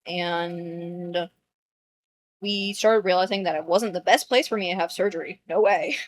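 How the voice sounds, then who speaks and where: A woman with a somewhat low voice tells a dream in a relaxed podcast conversation. Her remarks are dry and understated. A faint hum sits under the recording. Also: unhurried. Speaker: podcast co-host. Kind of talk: casual chat, telling a dream.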